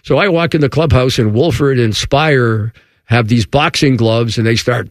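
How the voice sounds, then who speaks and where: A man's voice: normal speed, no echo, clean studio sound. A man, a former baseball broadcaster, telling an anecdote and acting out the voices of the people in it. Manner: acts out quotes with raised pitch. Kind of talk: animated storytelling.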